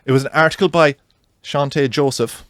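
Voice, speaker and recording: A young man co-hosting a podcast, chatting in a rambling, animated way. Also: a little high, fairly quick, no echo, studio quality. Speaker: podcast co-host. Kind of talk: casual chat.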